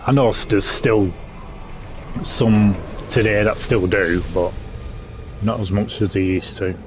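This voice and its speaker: A man's voice: on the low side, slow, soft background music. A British man giving casual, laid-back commentary while playing a game. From Britain. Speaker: let's play YouTuber.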